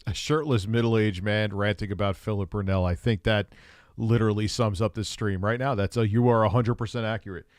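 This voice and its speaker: A man's voice: lowish voice, fairly even intonation, fairly quick, clean tone. A man hosting a live stream, reacting to a video with crude, joking asides. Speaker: stream host.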